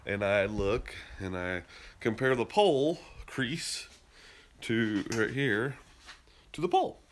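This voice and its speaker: The man, a podcast host from Utah, US, spins a loose, rambling story, restarting often and getting heated and emphatic. His medium-pitched voice moves slowly, with a little hiss or hum, as he moves between a garage and a car, indoors and out.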